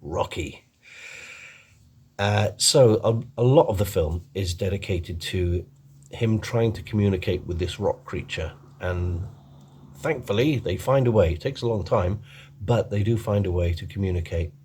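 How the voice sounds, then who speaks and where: A man's voice: lowish voice, measured pace, a little mellow, a little hiss or hum. A man giving a rambling, casual film review, full of ums and restarts.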